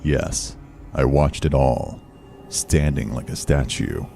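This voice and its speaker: A man giving a slow, measured scripted horror narration. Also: very deep voice, vocal fry, mellow, a little hiss or hum. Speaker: story narrator.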